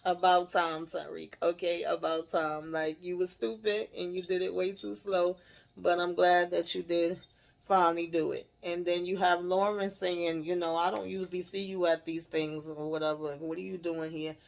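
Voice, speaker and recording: A woman's voice: lowish voice, little pitch movement, moderate pace, creaky. A woman casually recapping a TV episode, retelling scenes in her own words and acting out the characters' lines with laughs and swearing. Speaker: TV recap host.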